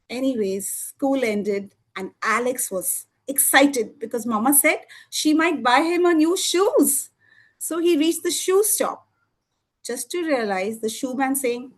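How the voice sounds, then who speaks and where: A woman telling a lively children's story at a storytelling evening, with expressive voices and sound effects. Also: high-pitched, takes it slowly. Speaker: storytelling student. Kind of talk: live storytelling performance for children.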